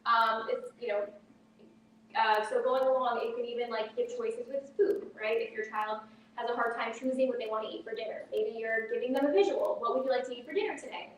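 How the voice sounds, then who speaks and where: A woman's voice: a little high, steady tone, normal speed. Woman teacher in an echoey hall. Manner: practical, explains with everyday examples. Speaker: teacher leading a parenting workshop. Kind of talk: live workshop presentation. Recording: echoey hall from far off, faint noise.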